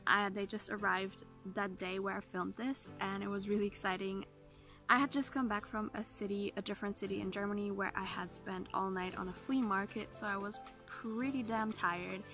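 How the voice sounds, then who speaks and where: A woman's voice: medium pitch, steady tone, normal speed. Worn-out woman chatting over music. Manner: chatty, rambling, apologetic. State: sleep-deprived and exhausted. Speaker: pet vlogger. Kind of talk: casual unboxing vlog. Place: her room at home. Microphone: phone camera.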